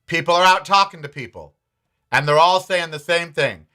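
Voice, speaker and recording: A man's voice: on the high side, moderate pace, sharp tone. Sarcastic, foul-mouthed male commentary host. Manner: blunt, sarcastic, swears freely. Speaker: podcast host. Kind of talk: casual political commentary.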